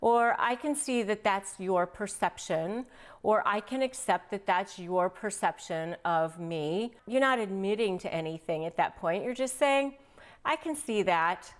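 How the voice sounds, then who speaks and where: A woman hosting an advice video, speaking straight to the viewer and acting out sample replies in quotes. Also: mid-range voice. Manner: animated, acts out sample lines in quotes. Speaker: family law attorney and video host. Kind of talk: direct-to-camera advice talk.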